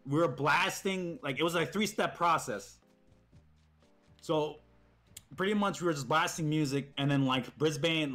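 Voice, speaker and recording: A man's voice: fairly high pitch, a bit bright. A young man streaming, casually telling stories about friends, swearing and laughing, acting out what they said. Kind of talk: casual storytelling chat.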